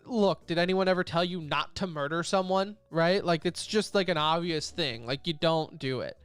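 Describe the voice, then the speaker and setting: A man's voice: fairly high pitch, moderate pace, a bit bright, clear, resonant tone, dry recording. A man co-hosting an esports podcast, running through news items in a loose, joking way. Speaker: podcast co-host. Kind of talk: casual esports podcast chat.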